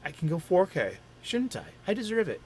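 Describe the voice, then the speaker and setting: A middle-aged man from the Boston area hosts a comics talk stream, rambling enthusiastically and often stopping to correct himself. His voice is high-pitched and a little mellow, with wildly swooping pitch and a fairly quick pace, plus a faint hiss or hum.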